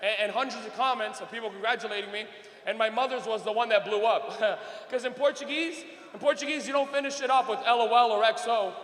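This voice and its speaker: In an echoey club with long reverb, a young man performs profane, brash stand-up. His very high voice is bright and forceful, and he laughs as he spins his stories.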